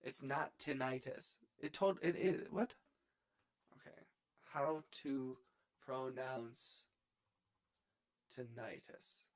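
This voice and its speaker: A man's voice: mid-range voice, slow pace. Goofy man chatting on a live stream. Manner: goofy, repeats words playfully. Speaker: music producer streaming. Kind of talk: casual live-stream chat. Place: home music studio. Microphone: studio dynamic microphone.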